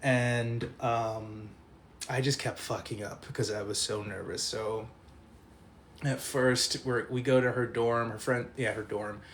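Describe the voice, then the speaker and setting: A man's voice: mid-range voice, steady tone, measured pace, slight background noise. A man telling a rowdy anecdote in casual talk, laughing often and swearing freely.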